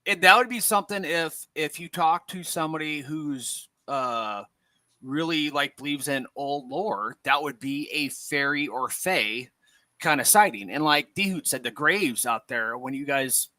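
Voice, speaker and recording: Man, podcast guest, emphatic, stammering restarts, very sharp voice, dry. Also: a little high, unhurried, dry recording. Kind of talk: casual chat.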